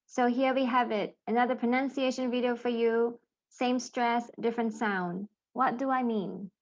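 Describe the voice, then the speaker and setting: A woman in her thirties teaching an English pronunciation lesson, speaking deliberately and enunciating each model sound clearly for learners to repeat. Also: on the high side, steady tone, highs cut off. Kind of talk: slow, careful pronunciation lesson with drills.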